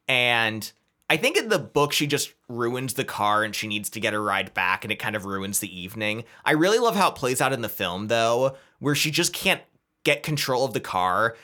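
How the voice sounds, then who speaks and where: A man co-hosting a podcast, chatting casually and retelling film scenes in an animated way. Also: medium pitch. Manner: animated, retells scenes with quick quoted voices. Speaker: podcast co-host. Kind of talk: casual chat.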